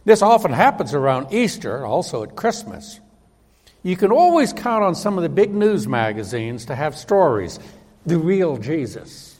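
A man preaching a sermon in a slightly high voice whose pitch rises and falls a lot. He speaks with emphasis and often acts out the voices of the people he quotes. A long hall reverb trails behind each phrase. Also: sing-song, moderate pace, a little mellow.

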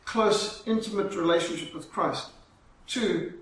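A man preaching a sermon, telling a story dramatically and slowing down for emphasis. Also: sits high. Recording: very echoey, from far off, faint ambience.

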